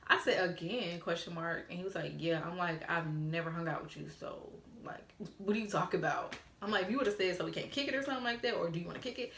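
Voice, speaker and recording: A woman's voice: fairly low pitch, fairly quick, vocal fry, few pauses, a bit bright, a little hiss or hum. A young woman vlogger telling a story casually, blunt and frank, swearing freely and mimicking the texts she got. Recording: roomy echo.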